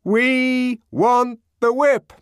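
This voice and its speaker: A man's voice: very high-pitched, flat delivery, very slow, clear, resonant tone, no echo, studio quality, pitched above the performer's own voice, exaggerated voice. A man voicing a jeering crowd of sightseers, chanting mockingly in a heavy rhythm.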